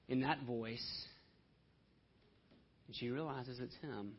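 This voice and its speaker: A man preaching a sermon, swinging between hushed and loud delivery. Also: mid-range voice, a little slow, long pauses, husky. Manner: dramatic shifts between soft and loud delivery. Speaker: pastor. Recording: dull lo-fi sound.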